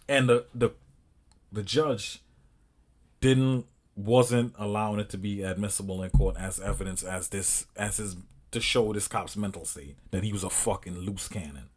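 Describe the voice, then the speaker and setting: A man's voice: lowish voice, measured pace, husky. An angry man reacting to a video, swearing and emphatic, with an African American English accent and rising outbursts. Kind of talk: heated casual reaction commentary.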